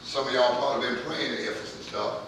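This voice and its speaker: A man preaching a sermon as pastor, his voice swelling louder as he drives points home. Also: mid-range voice, steady tone, fast, background noise. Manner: preaching with rising volume and calls of amen. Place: church sanctuary. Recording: distant mic in an echoey church hall.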